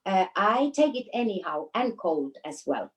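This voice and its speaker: A Finnish woman, a dance teacher, answering questions in a casual interview, often pausing and searching for words. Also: mid-range voice, sing-song. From Finland. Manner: hesitant, searching for words, laughs easily.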